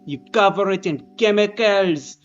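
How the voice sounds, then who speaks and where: A woman's voice: mid-range voice, measured pace, close to an everyday voice. A grandiose French artist lady, all self-important boasts in a thick put-on French accent, as a woman plays her for laughs. Her voice sits at an ordinary middle height. The sound is dull and lo-fi with faint music behind. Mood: pompous. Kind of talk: improvised comedic role-play.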